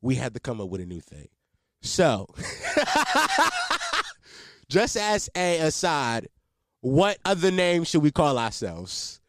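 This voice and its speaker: A young man in his twenties chats casually and alone on his podcast, with a rambling, profane delivery and many restarts. His slightly high voice has a sing-song lilt and a somewhat slow pace. The close home podcast mic yields studio-quality sound without echo.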